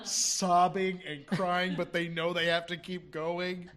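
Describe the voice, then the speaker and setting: Bright-voiced joking male cohost. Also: high voice, flat delivery, takes it slowly. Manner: joking, mock-dramatic, laughs often. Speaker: podcast cohost. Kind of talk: improvised comedic role-play of a movie.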